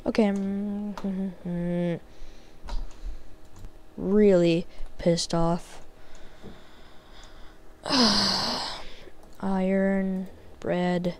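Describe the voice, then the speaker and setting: A young woman talks through her game at an unhurried pace, with a mid-range voice. She mutters and grumbles at what happens on screen, then bursts out loud. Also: medium pitch, fairly even intonation, a little hiss or hum. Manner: frustrated, muttering, swings to loud outbursts. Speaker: gaming channel host. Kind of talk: gameplay commentary.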